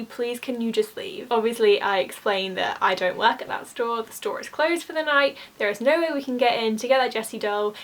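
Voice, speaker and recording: A young woman telling work stories in a chatty, exasperated way, full of "like". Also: fairly high pitch. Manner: chatty, exasperated, uses "like" often. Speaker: vlogger, former theme park cast member. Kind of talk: casual storytime.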